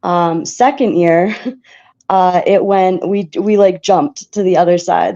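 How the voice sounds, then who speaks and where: A woman's voice: lowish voice, takes it slowly, dark tone, lo-fi sound. A woman being interviewed on a podcast, talking earnestly while losing her voice. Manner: earnest, heartfelt, frequent laughs and fillers. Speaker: guest, shop owner. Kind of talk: casual interview chat.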